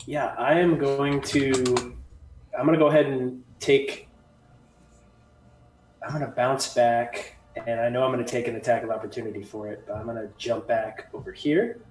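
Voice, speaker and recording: A man's voice: mid-range voice, fairly even intonation, normal speed, a little mellow, a little hiss or hum. Hesitant man player, roomy and distant. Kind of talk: casual tabletop play.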